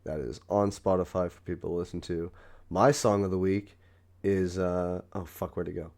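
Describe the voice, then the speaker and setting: Male co-host with a lower voice, playful and profane, quick to riff on his partner. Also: fairly even intonation, a little mellow. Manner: joking, echoes the other's lines, swears freely. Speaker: podcast co-host. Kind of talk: casual chat.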